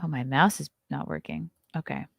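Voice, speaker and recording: A chatty woman in her thirties hosts a live stream. She riffs and laughs easily, her voice a little low. The mic sound is dry and close. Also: normal speed, vocal fry, fairly bright tone, husky, dry recording. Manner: chatty, riffing, laughs often. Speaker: host. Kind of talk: casual live-stream chat.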